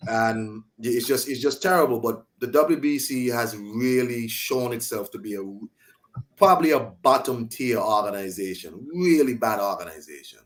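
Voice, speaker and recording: A man appearing as a guest commentator in a casual discussion, opinionated and quick to laugh. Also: mid-range voice, lively intonation.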